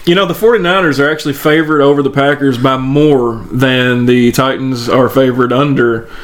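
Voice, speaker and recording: A man's voice: medium pitch, steady tone, moderate pace. A man in casual chat who swears often, jokes and laughs a lot while talking football.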